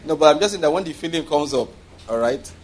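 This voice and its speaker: Husky male preacher, chatty sermon. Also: fairly high pitch, expressive, fast. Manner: conversational, checks in with the congregation, chuckles often.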